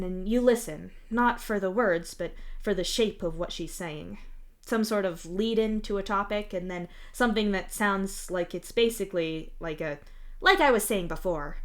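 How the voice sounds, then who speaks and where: A woman with a slightly low voice reading fan fiction aloud on a live stream. She narrates steadily, restarting a phrase now and then.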